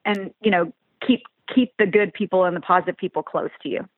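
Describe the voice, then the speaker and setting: A woman in her fifties, a touring musician, chatting casually in an interview, rambling warmly with many restarts. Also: lowish voice, fairly quick, dry recording. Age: 50s. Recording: tinny phone-like line, dry.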